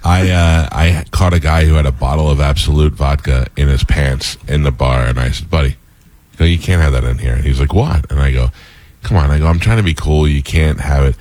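A man hosting a casual talk show, telling animated stories with laughter. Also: rumbling low, fairly quick, no echo. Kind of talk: casual storytelling chat.

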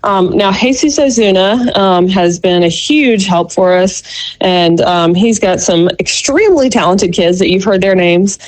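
A woman's voice: mid-range voice, a little slow, low-quality recording. A woman giving a chatty local youth sports report, rambling with many fillers. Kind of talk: radio call-in report.

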